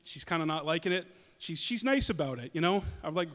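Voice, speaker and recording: A man's voice: fairly high pitch, expressive, brisk, a bit bright, big-room sound. A man telling stand-up stories about his family in a rambling, hesitant way. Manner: rambling, hesitant, with many restarts. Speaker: comedian. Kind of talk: stand-up comedy storytelling.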